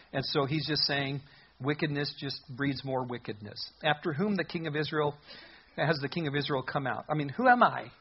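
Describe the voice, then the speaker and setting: Male pastor, mid-pitched, emphatic verse-by-verse teacher, slightly raspy. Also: lo-fi sound. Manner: reads scripture aloud then comments conversationally, emphatic. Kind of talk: expository Bible teaching.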